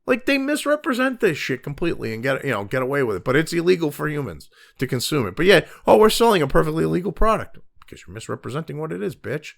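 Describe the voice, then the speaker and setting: A man's voice: a little high, very animated, fast talker, gravelly, few pauses, a bit bright. A middle-aged man hosting a commentary show, ranting angrily and sarcastically, swearing constantly as he reacts to the news. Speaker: commentary host. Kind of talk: profane rant reacting to news.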